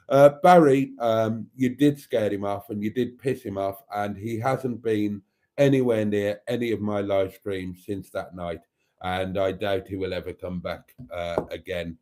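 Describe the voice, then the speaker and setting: A man's voice: on the low side, steady tone, a little slow, mellow. A man hosting a casual livestream, chatting and reading out viewers' comments in a chatty, theatrical way that calls them darlings. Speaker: livestream host.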